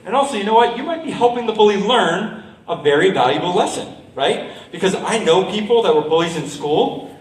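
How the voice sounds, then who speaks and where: Performing for a school assembly, a middle-aged man speaks a little fast in an animated, high voice, cheerfully quizzing the children and acting out lines he quotes. He's recorded from a distance in an echoey school hall.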